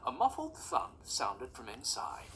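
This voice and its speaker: A narrator reading a storybook aloud in a calm, even way. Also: medium pitch, a little slow, whispered.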